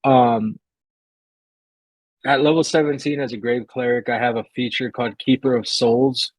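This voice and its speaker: A man at middle pitch, talking casually through his turn in an online tabletop game. He hesitates often and fills gaps as he thinks. The recording is dry, with no room sound. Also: steady tone, moderate pace, no echo, low-quality recording. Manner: hesitant, many fillers. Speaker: player.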